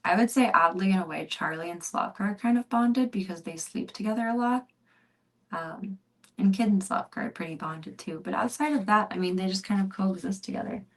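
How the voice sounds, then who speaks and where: A woman streamer chatting casually at home, rambling and cooing softly at her pets. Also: mid-range voice, a little fast. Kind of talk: casual chat.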